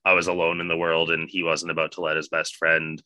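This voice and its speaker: A man casually telling a profane, animated party story with bursts of laughter. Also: rumbling low, brisk, clean tone, no room sound.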